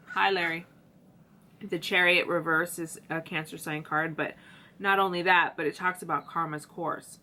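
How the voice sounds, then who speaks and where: Woman tarot reader, casual and chatty, speaks to viewers in a low, forceful tone. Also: slight background noise. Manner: chatty and slangy, talks to viewers.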